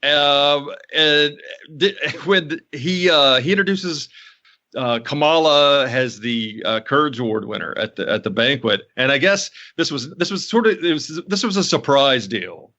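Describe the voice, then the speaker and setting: A man co-hosting a podcast in casual chat, telling stories in an animated way with many restarts and laughs. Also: a little high, a little slow, muffled recording. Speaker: podcast co-host.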